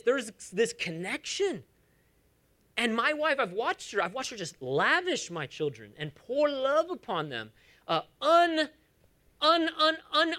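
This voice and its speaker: A pastor in his thirties delivers a sermon in a high voice that swings widely in pitch. His manner is conversational and animated, with humorous asides and emphatic repetition.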